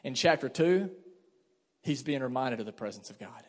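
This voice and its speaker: A man in his thirties preaching a sermon as pastor, telling family stories with lively asides and fillers. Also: medium pitch, normal speed. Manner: animated storytelling with asides and fillers. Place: church sanctuary. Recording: hall reverb.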